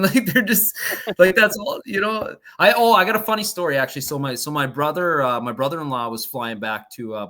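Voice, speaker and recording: A man with a Newfoundland accent talks in a bright, forward voice at an everyday middle pitch. He rambles through stories as a podcast guest, laughing often and swearing casually, in an easygoing chat. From Newfoundland, Canada. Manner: chatty storyteller, laughs often, swears freely.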